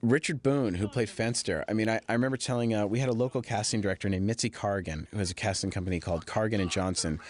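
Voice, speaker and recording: Animated man telling film anecdotes. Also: lowish voice, fast, few pauses. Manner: animated anecdotal storytelling, mimicking others in quoted dialogue. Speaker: film director. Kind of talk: DVD audio commentary.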